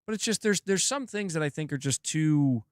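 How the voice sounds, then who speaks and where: A man's voice: on the high side, animated, moderate pace, no echo, clean studio sound. A man hosting a gaming channel in a casual livestream chat, laid-back, swearing and laughing often, with a sore throat.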